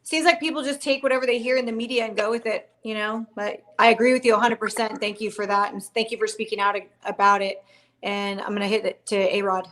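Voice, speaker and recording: A woman's voice: medium pitch, fairly even intonation, fast talker, a bit bright. Woman host asking direct questions. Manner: direct, poses questions to guests. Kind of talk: casual political discussion.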